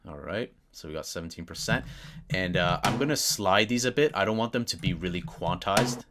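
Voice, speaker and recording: A man with a low voice talks a little fast through a casual, screen-recorded music production tutorial at his computer, thinking aloud with fillers. The background is noisy with keyboard clicks and typing.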